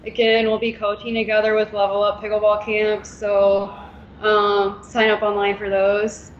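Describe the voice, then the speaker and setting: A woman guest, a pickleball player and coach, chatting casually and laughing often; she calls her own voice monotone. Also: medium pitch, moderate pace, muffled recording, a little hiss or hum. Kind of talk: casual interview chat.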